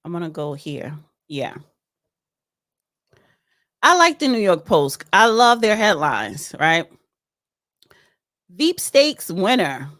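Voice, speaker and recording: A woman's voice: lowish voice, very animated, slow, pauses often, a bit bright, no room sound, studio quality. A woman hosting a casual solo commentary. She chats and reads news articles aloud, adding opinionated asides. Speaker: political commentary host.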